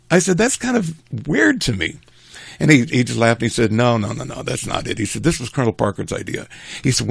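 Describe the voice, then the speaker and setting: An older man casually telling a rambling family story, animated and chuckling as he goes. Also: fairly high pitch, creaky, breathy edge, dry recording.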